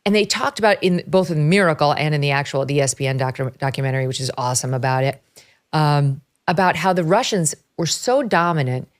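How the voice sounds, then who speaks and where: Low-voiced emphatic middle-aged woman host. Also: fast. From upstate New York. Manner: animated, emphatic, laughs mid-sentence. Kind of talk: casual conversational commentary.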